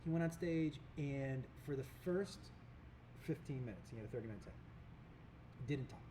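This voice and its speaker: A man's voice: mid-range voice, animated, moderate pace, dark tone, slight background noise. A man, a comedian co-hosting a casual podcast, who tells stories and laughs his way through the punchlines. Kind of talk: casual chat.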